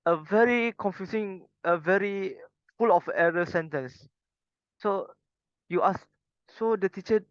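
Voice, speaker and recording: A young man presents a class topic and walks through it step by step in plain words. His voice sits high for a man. The recording is dull and lo-fi, with a dry, close sound and no room echo. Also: a bit bright. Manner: explains step by step with short examples, plain wording. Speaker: student presenter.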